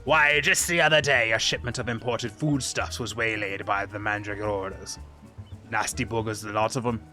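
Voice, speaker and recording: A man voicing a gruff older merchant in a rough mock pirate accent, growling his lines. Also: lowish voice, fairly even intonation, normal speed, sharp tone, soft background music. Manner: growling, stumbles over names. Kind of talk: reading game dialogue aloud in voices.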